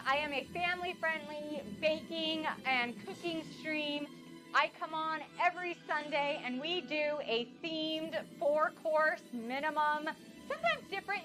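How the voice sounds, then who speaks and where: A woman hosting a casual cooking live stream from her home kitchen, bubbly and effusive, thanking her viewers again and again. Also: sits high.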